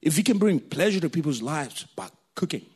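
A man from Kenya, preaching a sermon through animated, jokey personal stories. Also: on the high side, brisk, breathy edge. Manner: animated, jokey storytelling, laughs often.

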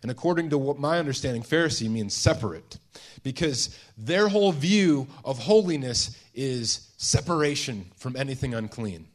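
A man preaching a sermon, retelling a scene with hushed and emphatic turns and many restarts. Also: mid-range voice, animated. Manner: storytelling, dramatizing a scene with voiced quotes; pauses and restarts, shifts between hushed and emphatic.

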